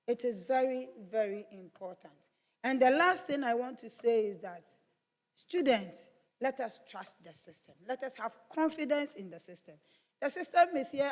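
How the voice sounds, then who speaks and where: A woman giving an earnest workshop speech to students, repeating her key points. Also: fairly high pitch. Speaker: university official addressing students. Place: large conference hall. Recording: reverberant conference hall.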